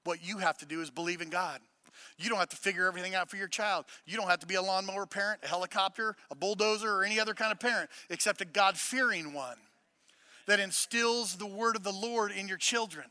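A male pastor with a high, very bright and forceful voice. He preaches in a loose, joking way and then builds to loud, emphatic points. The sound is dry and close, with little room echo. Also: fast talker. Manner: casual, joking asides between preaching. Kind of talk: sermon.

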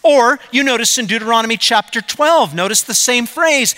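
High, bright-voiced preaching man. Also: lively intonation, normal speed, few pauses. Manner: emphatic preaching, swings between loud urging and quiet storytelling. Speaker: pastor. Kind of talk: sermon.

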